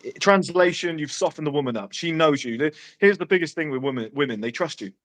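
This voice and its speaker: A man's voice: on the high side, animated, a bit bright. A man giving brash, profane dating advice in casual podcast chat. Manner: brash, swearing, quick one-liners.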